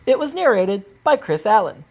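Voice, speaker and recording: A woman's voice: medium pitch, very animated, moderate pace, a little mellow. A woman announcing the cast and credits of a radio comedy show.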